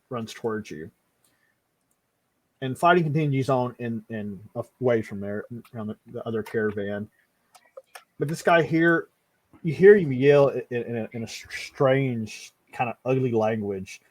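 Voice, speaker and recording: A man acts as game master for a live tabletop session, his speech casual and halting, full of restarts and the occasional curse. His voice sits at an ordinary middle pitch. The sound is close and dry, with no room around it. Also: a little mellow, no room sound.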